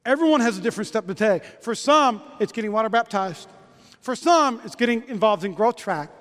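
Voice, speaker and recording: A man preaching a lively sermon, joking with volunteers onstage in quick bursts. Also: sits high. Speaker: pastor. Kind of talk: lively sermon with stage demonstration. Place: church auditorium. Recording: long reverb of a church hall.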